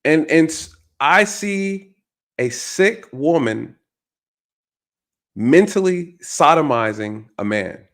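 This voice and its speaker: A man's voice: fairly high pitch, animated, slow pace, fairly bright tone. A man hosting a reaction video, talking emphatically to his viewers and repeating his points for stress. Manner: emphatic, repeats phrases, addresses viewers directly. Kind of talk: reaction commentary.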